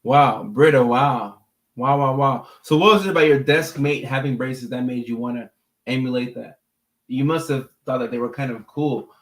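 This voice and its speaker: Man, middle pitch, easygoing livestream chat, talkative, repeats words mid-thought. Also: moderate pace, reverberant. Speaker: mental health clinician hosting a livestream. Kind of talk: casual livestream chat answering viewer comments.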